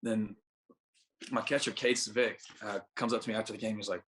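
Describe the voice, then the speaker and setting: A man's voice: fairly low pitch, little pitch movement, fairly quick, a bit bright. A young adult man, a guest on a podcast, telling a long story in a laid-back, rambling way full of "like" fillers. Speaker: podcast guest, baseball pitcher. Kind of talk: casual storytelling.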